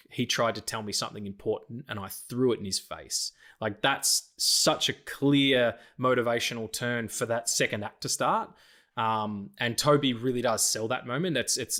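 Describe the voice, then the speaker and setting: A man co-hosting a casual film podcast, talking in an animated way with plenty of swearing and quick acted-out lines. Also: fairly low pitch. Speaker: podcast co-host.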